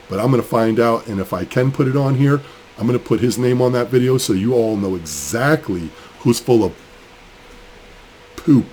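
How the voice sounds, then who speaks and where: Building a mining rig for his crypto mining channel, a man with a cold rants angrily and rambles in a casual vlog. His voice is mid-range and a little mellow, and slight hiss or hum can be heard.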